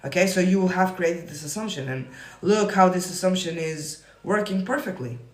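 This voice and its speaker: Man, manifestation coach, live stream, swearing and yelling, roomy echo. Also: high voice, moderate pace. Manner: profane, emphatic, yelling. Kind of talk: live-stream talk answering viewer comments.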